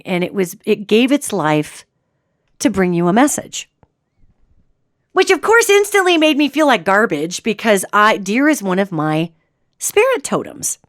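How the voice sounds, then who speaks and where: Animated woman telling a story. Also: mid-range voice, no echo, clean studio sound. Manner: animated, chatty, with restarts and digressions. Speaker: radio show host. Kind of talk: casual storytelling monologue.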